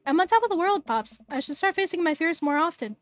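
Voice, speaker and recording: A woman reading a bubbly teenage girl in a game, chirpy and excitable. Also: very high-pitched, quick pace, dry recording. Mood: cheeky. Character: bubbly teenage girl about to leave for art school.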